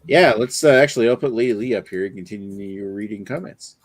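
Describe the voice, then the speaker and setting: A man's voice: fairly low pitch, fairly quick, a little hiss or hum. A man hosting a casual beer review show, chatting loosely and swearing now and then. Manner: laid-back, swears casually, animated. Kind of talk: casual chat.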